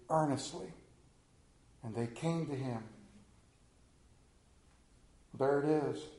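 A man delivers a sermon slowly, dropping from loud passages to hushed ones. His voice is dark and sits a little high for a man. The sound carries an echo from the room around him. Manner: slow, dramatic delivery swinging from loud to hushed. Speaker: preacher. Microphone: camera.

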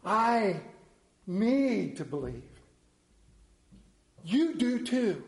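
A man's voice: sits high, very animated, extremely slow, vocal fry, reverberant, poor audio. A man preaching a sermon in a folksy, earnest way, reading scripture and speaking of his faith.

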